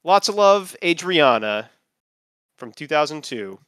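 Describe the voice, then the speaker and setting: A man's voice: on the high side, very animated, unhurried, a bit bright, no echo. A man hosting a comedy podcast who reads old forum posts aloud in a laughing, mock-earnest way. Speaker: podcast host.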